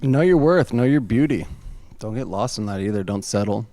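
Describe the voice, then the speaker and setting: A man's voice: on the low side, lively intonation, normal speed, warm tone. A man co-hosting a tarot reading, giving an earnest, encouraging pep talk. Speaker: co-host tarot reader.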